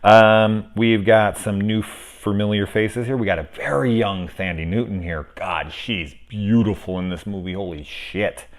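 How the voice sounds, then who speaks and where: Deep-voiced man rambling through a film review. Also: measured pace, hardly any pauses. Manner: rambling, profane, animated asides. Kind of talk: casual spoiler review chat.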